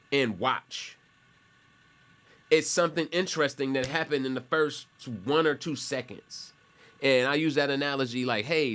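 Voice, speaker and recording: A man's voice: medium pitch, a bit bright. Man, instructor, casual classroom talk, rambling, self-correcting, conversational. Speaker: college instructor. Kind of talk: casual classroom explanation while screen sharing.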